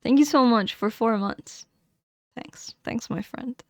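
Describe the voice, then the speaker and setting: A woman's voice: on the high side, slow pace, no echo, studio quality. A woman live streamer chatting casually into a streaming microphone, rambling, giggling and correcting herself as she goes. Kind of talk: casual livestream chat.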